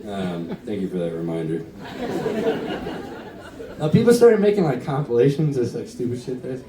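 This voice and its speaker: A man's voice: mid-range voice, very animated, moderate pace, noisy background. A singer-songwriter rambling self-deprecatingly between songs at a live concert, chuckling as he talks. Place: indoor concert venue with a live crowd. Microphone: stage mic, recorded by an audience camera from far off. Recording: echoey concert hall heard from far off, with crowd and band.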